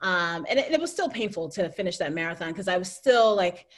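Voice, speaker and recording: Middle-aged woman guest, casual interview storyteller, animated, laughs a lot, mimics quoted voices. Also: lowish voice, a little fast.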